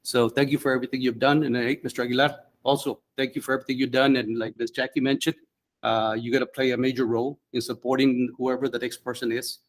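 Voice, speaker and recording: A man's voice: mid-range voice, level tone, quick pace. A man, a school board member, speaking hesitantly with many fillers at a meeting. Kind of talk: meeting remarks.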